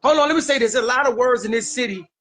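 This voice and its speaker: A man's voice: extremely high pitch, quick pace, fairly bright tone, rough recording. A man with a Washington, D.C. accent, speaking emphatically as an interview guest, repeating phrases and using heavy street slang. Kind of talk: casual interview talk.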